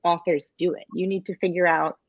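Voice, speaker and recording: A woman's voice: fairly low pitch, level tone, fairly quick, no room sound. A woman author offers encouraging advice on a panel, with a light laugh here and there. Her voice has a dull, slightly muffled recording quality. The room sounds dry. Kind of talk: casual panel chat.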